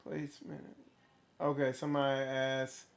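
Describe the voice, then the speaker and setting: A man's voice: medium pitch, level tone, unhurried, vocal fry. A man hosting a spiritual livestream, rambling casually to his viewers with rhetorical questions and the odd swear word.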